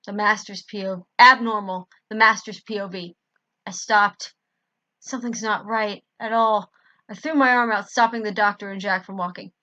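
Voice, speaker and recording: A woman reads a fan story aloud in first person, pausing to fix her own slips. Her voice is bright and clear-toned. The recording is dry and a little dull. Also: mid-range voice, little pitch movement, dry recording. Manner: stops to correct her misreadings. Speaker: fan fiction reader. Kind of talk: amateur story reading.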